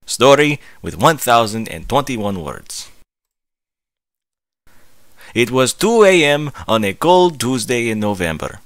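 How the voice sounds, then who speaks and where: A man reading a story aloud as narrator, with expressive rises and falls. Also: medium pitch, slow pace, pauses often, no echo. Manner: expressive storytelling, rising and falling.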